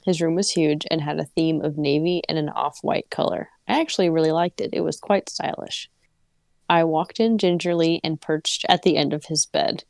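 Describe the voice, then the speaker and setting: A woman's voice: deep voice, fairly even intonation, moderate pace, creaky, a little mellow, no echo. A woman co-hosting a casual podcast, reading a story aloud and breaking off to laugh and joke. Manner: reads prose evenly, breaks off laughing and joking. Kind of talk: casual read-aloud with chat.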